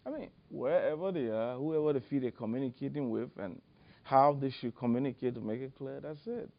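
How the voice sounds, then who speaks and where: A man's voice: medium pitch, brisk, gravelly. A man with a Liberian accent speaking earnestly at a public discussion, often repeating his key point. The recording is a dull, lo-fi event recording.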